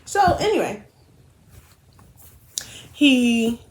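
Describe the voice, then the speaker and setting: A young woman telling a rambling, animated story while doing her makeup, swearing often and correcting herself as she goes. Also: fairly high pitch, extremely slow.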